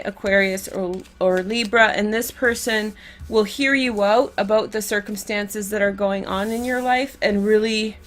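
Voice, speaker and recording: A woman reading tarot cards in a loose, chatty way. Her voice sits at an ordinary middle pitch for a woman. She laughs easily and often breaks off to restart a sentence. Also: fairly bright tone. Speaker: tarot reader.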